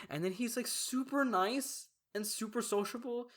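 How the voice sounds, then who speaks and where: A young podcast co-host tells a story in casual chat, rambling along with lots of fillers and restarts. His voice is high, and he talks fast with few pauses.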